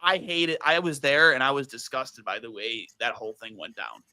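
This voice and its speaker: A man guesting on a podcast, telling stories in a heated, animated way with lots of fillers. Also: mid-range voice, a little fast, no room sound. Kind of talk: casual chat.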